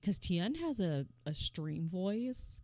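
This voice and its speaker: A young woman streamer chatting casually at her home setup, soft-spoken and full of "like" and little laughs. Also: lowish voice, big pitch swings, slow pace, dry recording. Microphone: desk microphone.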